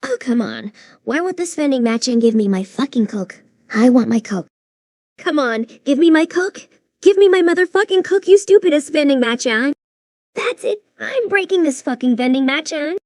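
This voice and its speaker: A woman's voice: high-pitched, animated, moderate pace, a little mellow, no room sound, clean studio sound. Twilight Sparkle, in a synthetic woman's voice, foul-mouthed pony. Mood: angry. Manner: swears constantly, demanding. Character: young female pony, hot-tempered and foul-mouthed.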